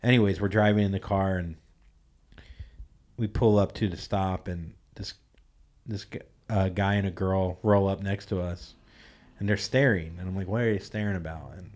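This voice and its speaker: A man's voice: low voice, steady tone, normal speed, long pauses, a little mellow. A young man hosting a podcast, telling a story in a laid-back way with many "like"s and laughing asides. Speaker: podcast host. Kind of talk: casual storytelling chat.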